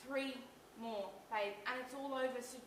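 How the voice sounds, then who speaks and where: A woman's voice: high voice, normal speed, a bit bright, slight background noise. A young woman plays a domineering female drug smuggler, harsh and scornful, on a school stage. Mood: hard, scornful. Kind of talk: stage acting. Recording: echoey stage from far off.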